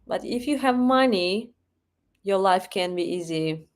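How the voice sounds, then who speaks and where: Speaking slowly at a medium pitch, a Russian woman hosts a live stream from her Moscow home, chatting casually and reading out comments. Her delivery is expressive and chatty, full of laughter and fillers as she thinks aloud.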